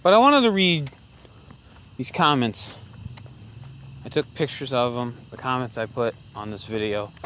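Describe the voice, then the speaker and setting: A man's voice: mid-range voice, measured pace, pauses often, fairly bright tone, a little hiss or hum. A man doing casual political commentary in a vlog, rambling and sarcastic, with lots of fillers and restarts, filmed on a handheld camera while he walks around outdoors at dusk. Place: outdoors in a rural area at dusk, moving around.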